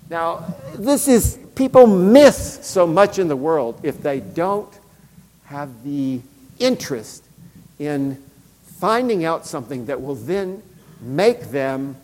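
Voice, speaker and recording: A man's voice: on the high side, darkish tone. Middle-aged man, echoey hall. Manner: conversational, acts out quotes, many fillers. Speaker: speaker. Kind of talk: personal storytelling talk. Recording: long hall reverb.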